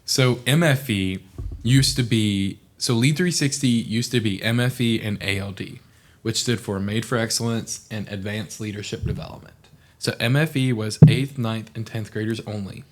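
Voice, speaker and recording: A man's voice: on the low side, normal speed. A young man from Oklahoma, a podcast guest, telling stories in casual chat and acting out the people in them. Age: young adult. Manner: animated storyteller, acts out quoted people.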